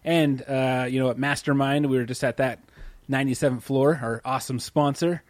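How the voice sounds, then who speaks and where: A laid-back man co-hosting a podcast in casual, easygoing chat. He laughs often and keeps things loose. His voice sits at an ordinary middle pitch, recorded close and dry with no room sound. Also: fairly even intonation, a little fast, dry recording. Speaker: podcast co-host.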